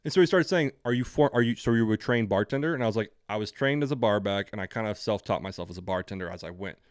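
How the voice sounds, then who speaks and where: A young man co-hosting a podcast tells a story fast in a smooth, fairly low voice. He rants with plenty of profanity, acting out both sides of the exchange in casual storytelling chat, recorded dry in clean studio sound.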